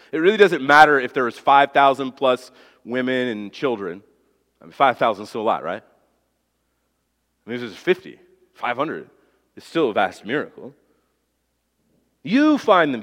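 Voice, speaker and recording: Male pastor, fairly high voice, emphatic sermon delivery with rhetorical questions, long hall reverb. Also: a bit bright.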